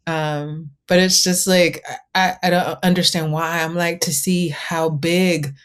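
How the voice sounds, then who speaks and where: A woman's voice: lowish voice, level tone, measured pace, clean tone. A woman hosting a podcast interview, speaking in a reflective, earnest way. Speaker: podcast host. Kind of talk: conversational interview.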